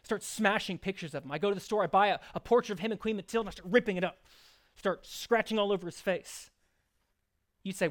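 A man's voice: high-pitched, quick pace. A man preaching a sermon, earnest, shifting into chatty asides and playful acted examples. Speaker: pastor.

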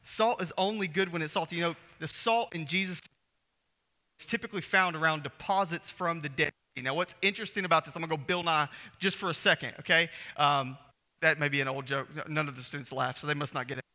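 A man's voice: on the high side, fast, bright, forceful tone. A man preaching a sermon as pastor, emphatic and repeating phrases for stress. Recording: echoey hall reverb.

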